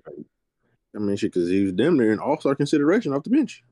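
A man co-hosting a podcast, talking basketball in a laid-back way with drawn-out fillers. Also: mid-range voice, sing-song, mellow, dry recording. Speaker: podcast co-host. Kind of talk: casual sports chat.

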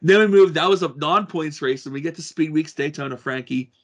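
A man's voice: fairly high pitch, brisk, fairly bright tone. A man co-hosting a podcast, chatting casually about motor racing, rambling with many restarts and fillers. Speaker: podcast co-host. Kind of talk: casual sports chat.

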